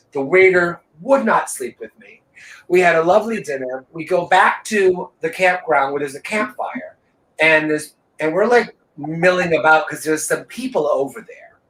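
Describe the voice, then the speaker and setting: Male co-host, profane and animated raconteur; higher-pitched voice in an echoey room. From Los Angeles. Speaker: podcast co-host. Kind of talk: casual chat storytelling.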